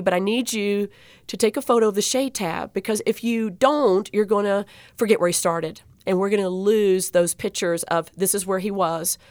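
A woman's voice: medium pitch, dry recording, studio quality. Woman telling an emotional story. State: choked up. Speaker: guest speaker. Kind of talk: storytelling interview.

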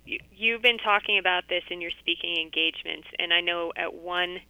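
A woman interviewer with a low, gravelly voice and a very bright, edgy tone. She speaks softly and encouragingly. The sound is dry and somewhat distant. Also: brisk, no echo. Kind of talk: interview questions.

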